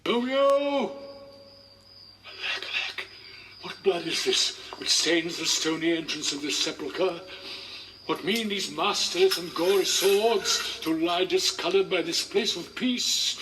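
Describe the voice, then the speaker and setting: An actor playing an anxious aging friar in Shakespearean verse, urgent and pleading. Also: male voice, high voice, pushed and bright, a little hiss or hum, heavily acted, rough recording. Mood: shocked grief. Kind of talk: Shakespearean stage acting.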